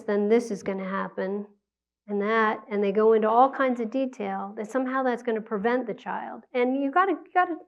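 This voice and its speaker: A woman giving a conversational public talk on parenting, acting out quotes from parents and children. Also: fairly high pitch. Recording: dull lo-fi sound.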